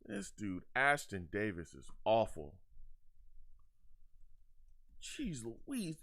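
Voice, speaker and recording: A man's voice: mid-range voice, huge pitch swings, very slow, pauses often, a bit bright. A young man hosting a live game reaction show, ranting in exasperation, repeating himself, and reading out chat comments. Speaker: fan show host.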